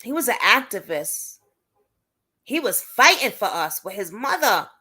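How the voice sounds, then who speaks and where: A young woman with a Brooklyn accent hosts a casual livestream. She talks straight to her viewers, emphatic and indignant, with a middle-pitched voice. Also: very animated, measured pace, sharp tone, husky. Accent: Brooklyn New York. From Brooklyn, New York. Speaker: host of an advocacy livestream.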